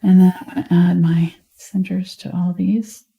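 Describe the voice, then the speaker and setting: A woman with a light Southern US accent, teaching a live painting tutorial in a relaxed, chatty way while she paints. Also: fairly low pitch, moderate pace, vocal fry, slightly rough, muffled recording. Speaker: painting instructor.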